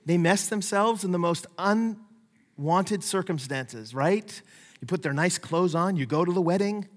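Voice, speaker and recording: A middle-aged male pastor with a high voice preaches in a lively, conversational way, slipping into playful voices for the people he quotes. His words ring out with the long reverb of a large church sanctuary. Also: normal speed. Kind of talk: sermon.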